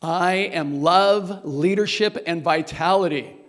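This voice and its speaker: High-voiced male workshop coach, echoing hall. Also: takes it slowly. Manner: energetic, coaching, urges the room on. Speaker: workshop presenter. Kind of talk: leading a group exercise.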